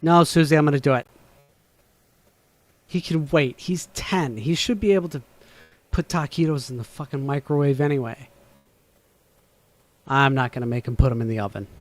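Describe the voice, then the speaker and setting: A man's voice: medium pitch, moderate pace, long pauses, faint music behind. A man hosting a casual livestream from home, rambling, swearing casually and laughing often. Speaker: livestream host. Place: home room.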